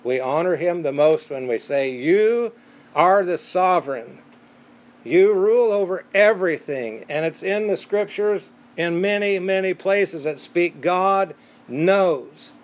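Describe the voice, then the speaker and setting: A man's voice: high voice, expressive, slow. A man preaching a sermon in an emphatic, conversational way, repeating words for stress.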